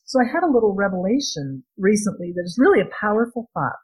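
A middle-aged woman giving a heartfelt devotional talk, speaking earnestly and gently as she shares a personal experience. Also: medium pitch, sing-song, fast, breathy edge, rough recording. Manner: earnest and gentle, with small laughs and restarts. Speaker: speaker sharing a faith-based parenting talk.

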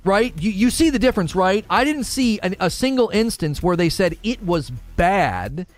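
A man's voice: high voice, very animated, normal speed, faint music behind. A man arguing and talking through a live stream, full of rhetorical questions.

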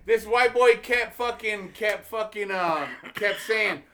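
A man's voice: high voice, slow pace, slight background noise. A man, a comedian guest on a podcast, telling a story in casual chat, swearing freely and acting out the dialogue he quotes. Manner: profane, animated, acts out quoted dialogue.

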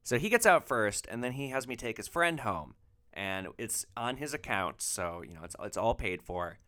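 A man's voice: medium pitch, expressive, moderate pace, sharp tone. A man who drove rideshare, hosting a podcast and telling a comic story in a profane, exasperated way. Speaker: rideshare driver, podcast host.

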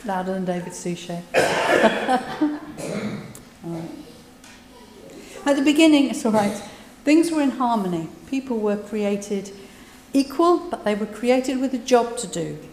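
A woman's voice: medium pitch, lively intonation, a little slow, a little mellow, slight background noise. Woman preaching in an echoey hall. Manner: conversational, paraphrasing with asides. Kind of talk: sermon retelling scripture.

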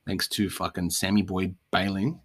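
Australian man, young adult, lowish voice, blunt profane rant, solo podcast host. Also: little pitch movement, moderate pace, breathy edge.

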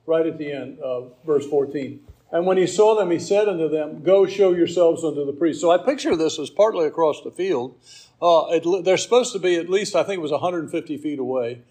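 Higher-voiced man teaching a sermon. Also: dark tone, rough recording. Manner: conversational Bible teaching with asides and fillers. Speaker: preacher.

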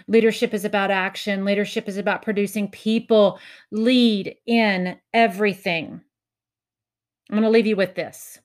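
A woman giving a motivational talk to educators, telling a story with lively acted-out quotes and laughter at her own punchlines. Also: medium pitch, moderate pace. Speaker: education speaker.

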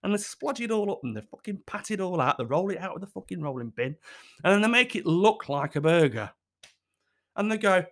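A man spins a comic story about himself, swearing freely and laughing at his own jokes. His voice sits a little high and swoops up and down as he acts out each quote. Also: lively intonation, brisk, a bit bright. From United Kingdom. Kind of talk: comic personal anecdote.

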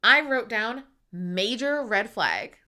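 A woman's voice: fairly high pitch, animated, slow, pushed and bright. A woman co-hosting a podcast in casual recap chat, opinionated and swearing freely. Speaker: podcast co-host.

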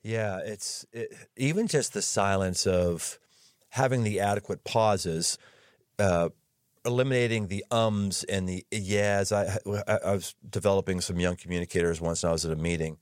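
A man hosting a podcast as a pastor, talking in an energetic, jokey way and laughing readily. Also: sits low, normal speed, no echo, studio quality. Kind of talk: casual interview chat.

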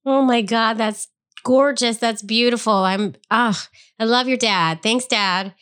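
A woman's voice: a little high, a little slow, a bit bright, clean tone. A woman hosting a podcast, an effusive and emotionally reactive listener in casual conversation. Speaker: podcast host.

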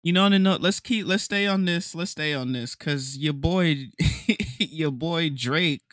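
A man's voice: fairly high pitch, a little slow, a bit bright, no room sound, clean studio sound. A man co-hosting a casual podcast chat in a playful, teasing way, often laughing along. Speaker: podcast co-host.

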